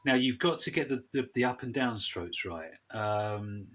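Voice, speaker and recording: A man giving a casual, chatty guitar lesson in a relaxed way, with loose restarts and asides. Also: fairly low pitch, normal speed, hardly any pauses. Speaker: guitar teacher. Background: guitar strumming loudly.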